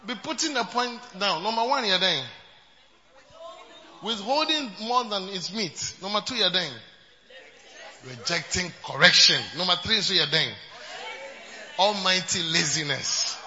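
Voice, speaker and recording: A man preaching a sermon as a pastor, mixing English and Twi and swinging from soft asides to shouts. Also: high voice, animated, unhurried, long pauses, a faint crowd. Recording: dull sound in a reverberant hall.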